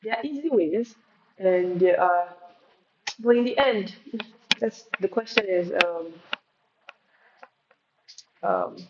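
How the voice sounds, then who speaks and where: A female poetry teacher runs a live spoken-word lesson, answering questions and hammering key words with drawn-out stresses. She often repeats words and restarts mid-phrase, her medium-pitched voice sitting mid-range. The roomy recording sounds dull and muffled, with a constant hiss underneath.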